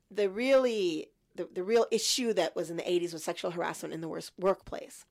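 A woman in her fifties, a guest in an interview, telling a personal story in a lively way and acting out her younger self. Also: fairly low pitch, brisk, gravelly, few pauses. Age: 50s. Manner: animated storyteller, acts out her past self.

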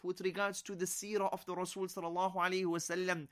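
A man teaching an Arabic grammar lesson, repeating each example slowly and then translating it, with short words of praise in between. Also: sits high, level tone, a bit bright.

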